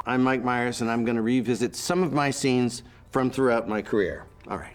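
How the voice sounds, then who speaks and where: A man's voice: medium pitch, a little fast, few pauses. A man giving a reminiscing interview, telling anecdotes and acting out the voices of people he quotes.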